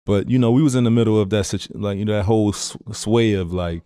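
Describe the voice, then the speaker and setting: A laid-back man with a fairly low voice chats on a podcast. He drifts through fillers and half-finished thoughts. The sound is dry and close. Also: quick pace, dark tone, clear, resonant tone, dry recording. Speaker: podcast co-host, former pro player. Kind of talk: casual chat.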